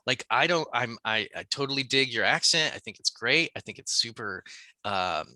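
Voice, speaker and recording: A man's voice: medium pitch, animated, moderate pace, pushed and bright, dry recording. A man co-hosting a podcast in casual joking chat, rambling and laughing, slipping into put-on accents. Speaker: podcast co-host.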